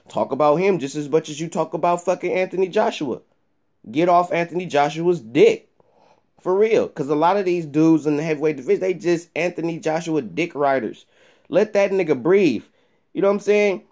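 A man's voice: on the high side, a little mellow. Heated profane man ranting about boxing. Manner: profane, heated, repetitive rant. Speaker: boxing vlogger. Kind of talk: ranting commentary to camera.

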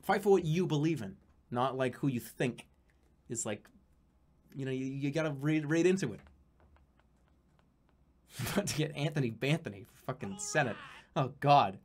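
A man's voice: medium pitch, expressive, moderate pace, long pauses, a little mellow. A man from the United States streaming live, chatting casually in a rambling, profane, joking way with many restarts.

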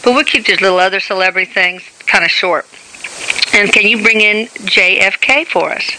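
A woman's voice: mid-range voice, moderate pace, background noise. A woman hosting an interview, chatty and asking questions with frequent fillers. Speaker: host interviewer. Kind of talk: casual interview.

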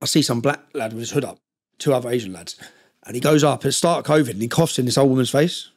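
A man's voice: medium pitch, quick pace, slightly rough. A middle-aged man, intensely telling his life story as a podcast guest, rambling with many restarts. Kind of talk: emotional personal storytelling.

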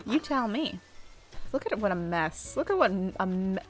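A young woman chatting casually over her gameplay, excitable, squealing and swearing at what happens on screen. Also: mid-range voice, normal speed, faint music behind. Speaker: gaming channel host.

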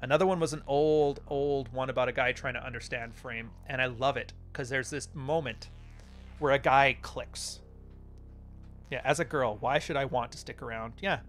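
A man's voice: medium pitch, steady tone, moderate pace, a bit bright, soft background music. A man hosting a podcast, telling stories in a blunt, profane, casual monologue. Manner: blunt and profane, storytelling with acted-out quotes. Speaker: podcast host.

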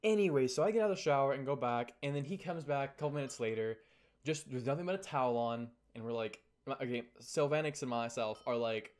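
A man's voice: medium pitch, fast, darkish tone. A teenage guy telling a story to his viewers in a casual vlog. He sounds exasperated and rambles with frequent restarts. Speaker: YouTuber.

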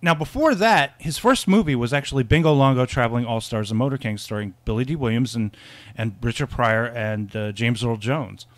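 A man's voice: medium pitch, a little fast. Rambling man chatting about films. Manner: rambling, laughs often, many restarts. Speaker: podcast co-host. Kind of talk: casual film chat.

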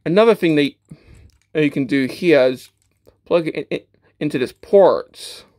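A man with a slightly high, somewhat mellow voice reviews a toy at an ordinary pace. Stammers, fillers like "uh," and restarted sentences are constant, and he sounds matter-of-fact while poking fun at himself.

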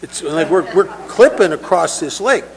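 A man's voice: a little high, expressive, normal speed, vocal fry, crowd noise, low-quality recording. A man telling personal stories at a recovery meeting, in a conversational way, often repeating words as he restarts. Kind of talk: personal storytelling talk.

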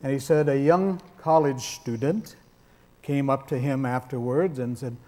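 A man's voice: mid-range voice, fairly even intonation, moderate pace, mellow. A man preaching a sermon in a conversational, emphatic way with touches of dry humor.

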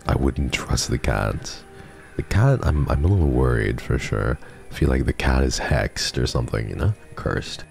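Very deep, gravelly-voiced male streamer. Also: animated, moderate pace, darkish tone, faint music behind. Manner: emotional and chatty, swears. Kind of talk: live game commentary.

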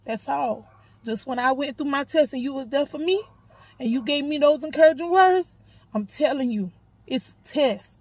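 A woman's voice: high voice, moderate pace, a little mellow, dry recording, poor audio. A woman recording an affectionate, emotional get-well video message, close to tears.

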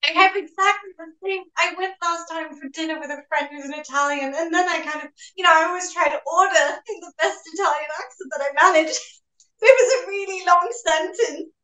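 An actress being interviewed in casual chat, telling lively stories, slipping in French words and laughing often. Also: female voice, very high voice, fairly quick. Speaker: actress guest. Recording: roomy echo.

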